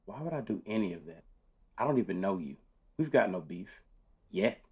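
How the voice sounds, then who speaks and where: A man's voice: sits low, sing-song, fairly quick, husky, lo-fi sound, full character voice. A man playing a blunt laid-back guard. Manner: casual, blunt drawl.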